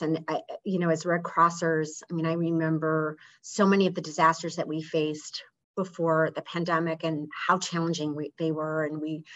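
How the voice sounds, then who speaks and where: Over a video call, a woman executive appearing as an interview guest tells stories conversationally, earnest and loose, full of fillers and restarts. Her voice is low-pitched and fairly bright, though the recording sounds muffled.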